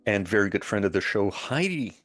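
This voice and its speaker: Co-host, Quebec French accent, animated pitch, laughs a lot. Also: male voice, a little fast, faint music behind. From Montreal, Canada. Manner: lively, laughs often, jokes in French. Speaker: co-host of a live show. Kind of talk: casual live-stream chat.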